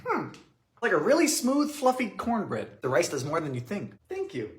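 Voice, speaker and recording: A man hosting a comic cooking show, talking sarcastically through recipes in his home kitchen and bursting into loud exclamations. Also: high-pitched, wildly swooping pitch, moderate pace, faint music behind.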